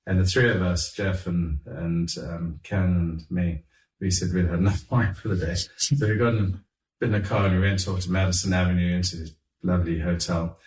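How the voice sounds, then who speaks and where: Deep-voiced man telling a lively story. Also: moderate pace. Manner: animated, chuckling raconteur who acts out quotes. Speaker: guest telling stories. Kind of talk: anecdotal storytelling. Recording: roomy, distant mic.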